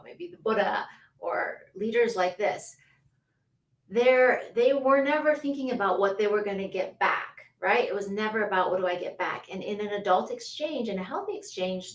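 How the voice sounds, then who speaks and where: A woman hosting a casual livestream, chatty and quick to laugh, who greets viewers by name. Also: medium pitch, distant mic. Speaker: livestream host. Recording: roomy echo, a bit off-mic.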